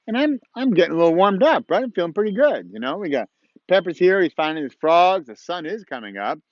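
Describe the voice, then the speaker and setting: A man's voice: sits high, sing-song, quick pace, no echo, dull audio. A man hosting his own show in casual, encouraging talk, chatty and rambling with playful asides, recorded outdoors at dawn. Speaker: host of a motivational podcast-vlog.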